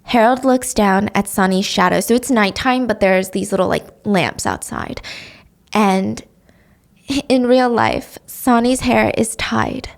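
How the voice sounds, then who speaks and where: A young adult woman hosting a podcast, recapping a drama plot in a chatty, expressive way with casual swearing. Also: medium pitch, measured pace, gravelly. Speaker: podcast host.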